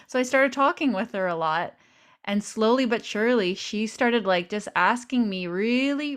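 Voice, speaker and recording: A woman interviewer chatting casually, a lively storyteller who acts out her own quotes in a higher voice. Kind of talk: casual conversation.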